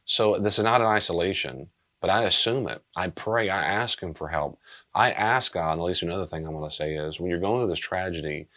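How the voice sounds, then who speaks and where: A man speaking as a pastor and counselor, earnest and gentle, often repeating key phrases as he teaches. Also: low voice, a little fast.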